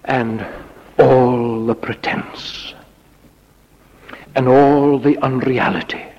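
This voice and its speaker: A man's voice: mid-range voice, fairly even intonation, drawn-out words. A man preaching a sermon dramatically, dropping to a whisper on key words. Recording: lo-fi recording in a reverberant hall.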